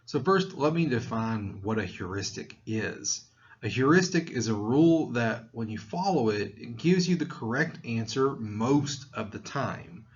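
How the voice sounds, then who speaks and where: A man's voice: medium pitch, lively intonation, unhurried, muffled recording. A man from Tennessee with a mild Southern accent, giving a conversational psychology lecture with fillers and restarts. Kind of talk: recorded lecture.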